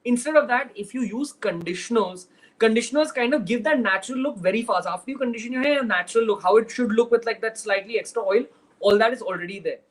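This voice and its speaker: High-voiced Mumbai man, chatty livestream host. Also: quick pace, low-quality recording. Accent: Mumbai Indian English. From Mumbai, India. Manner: chatty, direct, switches into Hindi phrases. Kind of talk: casual livestream Q&A.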